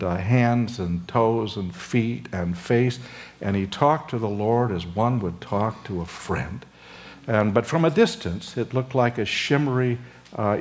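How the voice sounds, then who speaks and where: An older man, a seminary professor, preaching an expository sermon with frequent pauses and fillers, his voice lifting for emphasis. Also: lowish voice. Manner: acts out dialogue between Moses and God.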